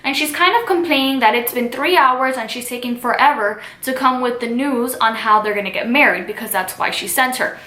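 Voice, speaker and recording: A young woman teacher talks through a play in a chatty, casual way, leaning on "kind of" and "like". Her voice sits high and sounds bright. The room around her gives an echoey ring. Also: fairly quick, few pauses. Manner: chatty, with fillers such as "kind of" and "like". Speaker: literature teacher. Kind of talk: casual classroom explanation.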